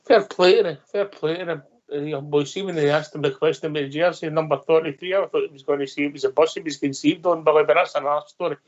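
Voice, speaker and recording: A man's voice: a little high, steady tone, rapid-fire, few pauses, highs cut off. A man hosting a radio phone-in, chatting casually and joking with his co-hosts. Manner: joking, chatty, tends to ramble. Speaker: phone-in host.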